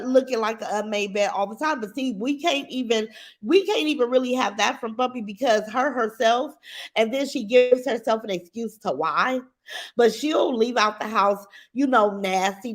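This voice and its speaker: A middle-aged woman hosting a casual livestream, bluntly giving her opinions and reading comments from chat. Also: fairly high pitch. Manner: blunt, opinionated, animated, addresses chat directly.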